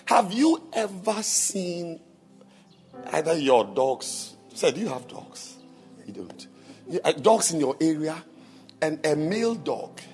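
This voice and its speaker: A man preaching a sermon to a congregation, firing rhetorical questions at them, quizzing them and breaking into shouts and sing-song emphasis. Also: sits high. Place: church with congregation.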